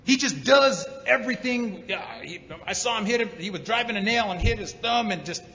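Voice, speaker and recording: A man's voice: high voice, expressive, a little fast, sharp tone. A man giving a personal recovery testimony at a convention, telling his story with emotional emphasis. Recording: roomy hall reverb, dull sound.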